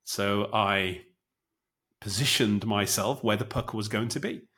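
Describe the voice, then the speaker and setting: A man, a former military officer, telling lively anecdotes in a relaxed podcast conversation. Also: fairly low pitch, unhurried. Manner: animated anecdotes with acted quotes.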